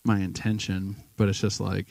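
A man's voice: sits low, level tone, moderate pace, creaky, darkish tone, dry recording, rough recording. A man sharing casual testimony stories in a church, acting out the people he quotes. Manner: storytelling, acts out quoted people. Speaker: guest speaker at church. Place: church sanctuary.

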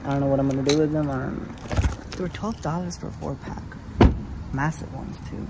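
A man's voice: fairly high pitch, fairly even intonation, fairly quick, background noise. A young man vlogging on a road trip from his car, rambling and nervous, poking fun at himself. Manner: rambling, nervous, self-mocking. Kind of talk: casual road-trip vlog. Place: inside a car.

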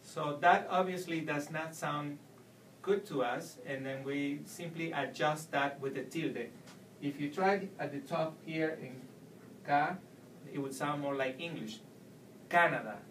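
A man's voice: on the high side, steady tone, a bit bright, slight background noise. Man teaching in an echoey room. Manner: explains slowly, repeats examples. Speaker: Spanish teacher. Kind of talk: video language lesson. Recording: echoey room, mic at a distance.

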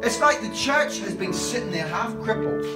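A man with a very high voice preaches in a church hall, and his words ring around the roomy space. He tells his stories with lively comic voices for each character. He stands back from the mic, with a guitar playing behind him. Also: normal speed. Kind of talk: sermon. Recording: echoey hall, mic from a distance.

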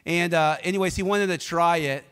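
A pastor giving a sermon in a casual, energetic way, telling personal stories and prompting the congregation to answer back. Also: male voice, fairly high pitch, fairly quick, clear, resonant tone, long reverb tail.

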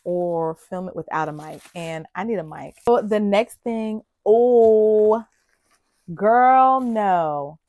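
A young woman, chatting excitedly to viewers as she unboxes gifts. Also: on the low side, moderate pace, hardly any pauses, dry recording. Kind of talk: casual unboxing chat. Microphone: external mic on camera.

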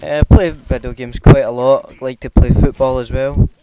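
A man's voice: mid-range voice, level tone, normal speed, clear, resonant tone, dull audio. A Scottish man giving casual, hesitant commentary over his gameplay, with lots of filler ums. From Scotland. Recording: loud game gunfire behind.

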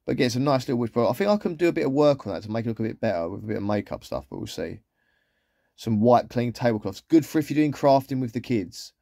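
Male vlogger, easygoing and rambling, mellow voice, dry close sound. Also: mid-range voice, expressive, quick pace, creaky, no echo. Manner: chatty, rambling, with trailing asides. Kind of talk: casual shopping haul commentary.

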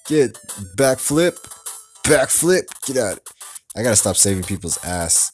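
A man playing a wrestling video game, cursing and shouting at the characters on screen in excitable commentary. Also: medium pitch, slow, faint music behind. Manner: loud and excitable, trash-talking the screen. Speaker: let's play gamer. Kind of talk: profane gameplay commentary.

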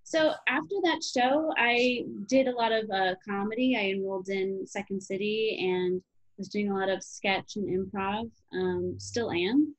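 A woman's voice: medium pitch, measured pace, poor audio. A woman in her thirties from Chicago, an actress talking casually in an interview, with lots of "you know" and "um". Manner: chatty, many fillers like "you know" and "um". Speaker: actress guest.

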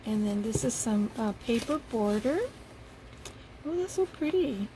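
A woman casually commenting as she unboxes craft gifts, softly gushing over each piece. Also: a little high, lively intonation, unhurried, noisy background. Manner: gushing, soft-spoken, admiring each item. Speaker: paper craft vlogger.

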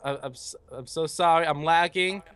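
A man's voice: moderate pace, fairly bright tone, smooth. A young man chatting casually while playing a computer game with a friend, joking and yelping in panic. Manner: playful, yelps high when panicked. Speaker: gamer. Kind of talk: casual gaming banter. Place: at home on a computer.

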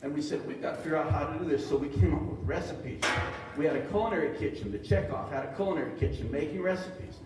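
Heavy background noise surrounds a man whose fairly high voice races along with hardly any pauses. Presenting at an extension talk, he keeps things folksy and funny for the live audience with acted-out quotes, recorded distantly in a big echoey meeting hall.

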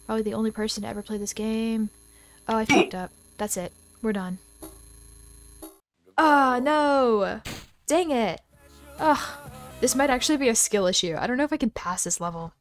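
A woman hosting a gaming channel, giving casual let's-play commentary in a chatty, excitable way with dramatic exclamations. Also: mid-range voice, fast talker, faint music behind.

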